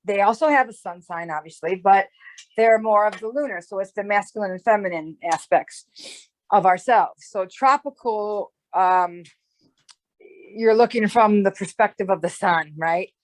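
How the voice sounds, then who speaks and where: A woman's voice: mid-range voice, moderate pace. A woman in a casual conversation, explaining ideas at length in a rambling way, often checking in with "right?". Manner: rambling, with restarts and "right?" tags. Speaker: astrologer guest.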